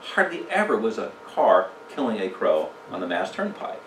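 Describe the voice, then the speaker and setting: A man's voice: on the low side, sing-song, moderate pace, fairly bright tone, a little hiss or hum. A man teaching a church communication seminar in a conversational way, putting questions to the audience and telling jokes. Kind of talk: casual church seminar talk. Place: church room. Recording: echoey room, mic from a distance.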